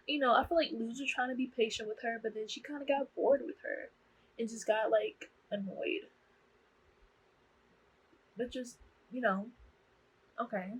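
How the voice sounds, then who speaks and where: A woman's voice: on the high side, a little slow, pauses often, slight background noise, poor audio. A young woman casually recapping a TV show to camera, chatty and slangy, acting out the characters' lines. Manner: chatty, slangy, animated, acts out quotes. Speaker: vlogger reviewing a TV show.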